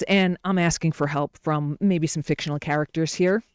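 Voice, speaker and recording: A woman's voice: low-pitched, fairly even intonation, moderate pace, clean tone, no room sound. A woman hosting a wellness video, talking casually and unscripted in a rambling, self-correcting way. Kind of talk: casual unscripted talk to camera.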